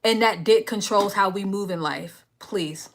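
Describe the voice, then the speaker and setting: A young female livestream host confronts a commenter with a sassy late-night rant at a measured pace, with slight background noise. In the pauses, she quietly mutters chat messages to herself.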